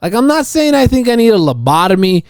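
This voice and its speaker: A man's voice: sits high, very animated, fast talker, no room sound. Profane rambling young man, dry sound. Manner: profane, rambling, stammering restarts. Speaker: podcast host. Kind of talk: casual solo podcast rant.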